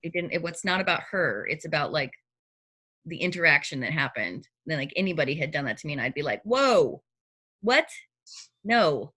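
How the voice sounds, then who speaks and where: A middle-aged woman chatting casually, her voice bright and forward and set a touch low. She tells her story in an animated way, and she often slips into quoted reactions as she goes. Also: fast, breathy edge. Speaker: storyteller in a personal conversation. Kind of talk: casual chat.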